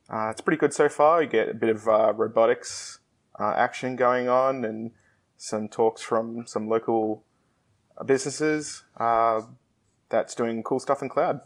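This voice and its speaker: A man from Australia with an Australian accent, a guest on a tech podcast who talks in a relaxed way with many fillers. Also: on the low side, a little slow. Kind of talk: casual tech podcast chat.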